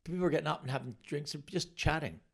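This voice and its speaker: A middle-aged man, a comedian, telling an animated anecdote, halting and restarting as he goes. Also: fairly high pitch, vocal fry, slightly rough. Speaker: comedian guest. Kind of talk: storytelling anecdote on a podcast.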